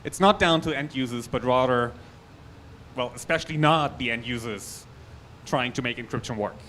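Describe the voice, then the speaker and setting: In a conference hall, a German-accented man presents a technical topic at normal speed, his mid-range voice a bit bright and the audio carrying slight hiss or hum. He speaks in a relaxed, chatty manner, restarting sentences and adding asides.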